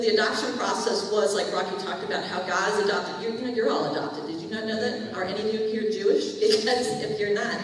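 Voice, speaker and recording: A woman's voice: mid-range voice, noisy background. Woman, church testimony speaker, conversational storyteller; distant, reverberant hall recording. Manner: chatty storytelling, acts out quoted dialogue. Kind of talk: testimony to a congregation. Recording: echoey hall, distant mic.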